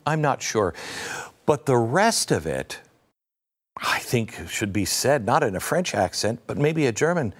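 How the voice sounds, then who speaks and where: Slow, sardonic middle-aged male host. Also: medium pitch. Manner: sardonic, conversational, self-mocking asides. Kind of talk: opinion talk show monologue.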